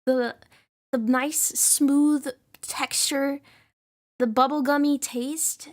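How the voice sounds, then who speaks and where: A woman's voice: sits high, drawn-out words. A young woman streamer in casual chat, ranting with lots of swearing and laughter. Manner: profane, animated ranting with frequent laughs.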